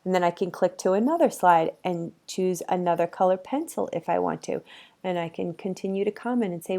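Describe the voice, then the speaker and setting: A woman's voice: fairly low pitch, brisk, gravelly, mellow. A woman instructor giving a casual, chatty screen-recorded tutorial for her course, talking easygoing with frequent ums, on a computer microphone.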